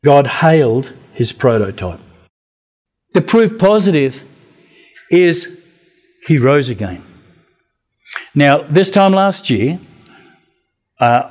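Male preacher, slightly higher voice, mellow tone, animated sermon storytelling.

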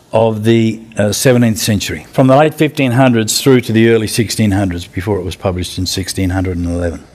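A man giving an informal talk on Bible translation, answering a group's questions in an animated way that climbs in pitch for emphasis. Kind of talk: casual teaching talk.

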